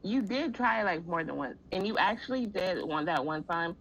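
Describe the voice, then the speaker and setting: A woman co-hosting a podcast in casual chat, calm, dry and amused. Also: on the low side, normal speed, slight background noise, rough recording. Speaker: podcast co-host.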